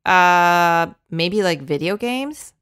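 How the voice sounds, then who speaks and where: A woman co-hosting a language podcast as the teacher, explaining gently with frequent giggles. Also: on the low side, expressive, drawn-out words, clear, resonant tone, no room sound, clean studio sound. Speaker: Japanese teacher and podcast co-host. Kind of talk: casual language-lesson chat.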